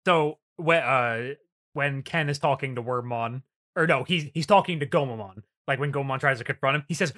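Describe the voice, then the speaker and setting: A man hosting a podcast in casual chat, animated, swearing freely and laughing often. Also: medium pitch, a little fast. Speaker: podcast host.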